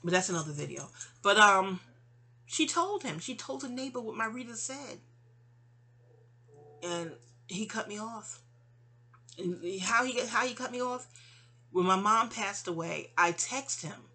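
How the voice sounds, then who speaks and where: A woman's voice: medium pitch, animated, unhurried, long pauses, bright, forceful tone. A woman telling a personal story in a rambling, chatty way, acting out what people said to her. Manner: rambling, chatty, acts out quoted dialogue. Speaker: vlogger. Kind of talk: casual storytelling vent. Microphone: audio-only home recording.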